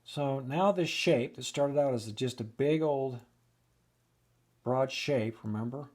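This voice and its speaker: A man's voice: medium pitch, slow pace, a little mellow. A man giving a casual oil painting lesson, thinking aloud and restarting sentences as he works at the easel. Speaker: painting instructor.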